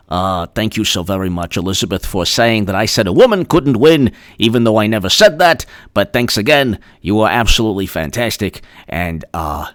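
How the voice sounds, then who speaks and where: A man's voice: fairly low pitch, animated, moderate pace, few pauses, no echo, clean studio sound. A man hosting a political livestream, thanking chat members and mocking his opponents in a sarcastic, theatrical way. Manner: sarcastic, mocking, shifts into loud shouted shout-outs. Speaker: political commentator reading live chat. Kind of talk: livestream commentary.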